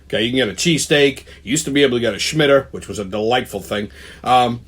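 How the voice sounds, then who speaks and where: A man's voice: mid-range voice, fast, fairly bright tone, husky. A man, hosting a ranting weekly commentary, heated and swearing constantly. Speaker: show host.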